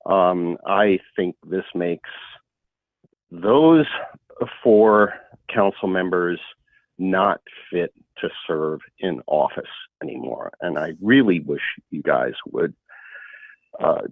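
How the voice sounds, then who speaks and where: A man giving a halting, earnest public comment over the phone, with many fillers. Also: sits low, no echo. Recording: tinny phone line, dry.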